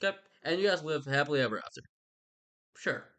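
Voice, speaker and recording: A young man tells a story in a loose, rambling way, full of sarcasm and casual swearing. His pitch leaps around a lot as he talks. The tone stays offhand and jokey throughout. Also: lively intonation, fairly quick, sharp tone. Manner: casual, sarcastic, swears, acts out characters in quotes. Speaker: youtuber recapping a book. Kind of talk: rambling comedic recap.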